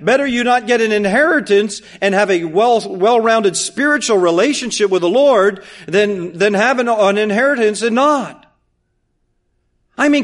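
A man preaching a sermon, emphatic and repetitive, full of rhetorical questions, swinging between loud and hushed. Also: sits high. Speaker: pastor.

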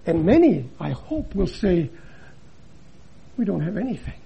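An older man, a missionary preacher, giving a dramatic sermon that swings between loud emphasis and hushed drops. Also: high voice, big pitch swings, measured pace, gravelly, breathy edge, low-quality recording.

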